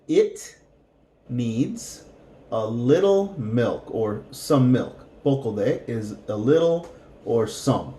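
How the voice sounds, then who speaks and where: A man teaching a beginner language lesson, repeating words slowly and patiently for practice. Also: mid-range voice, animated, dark tone, roomy sound. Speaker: Spanish teacher.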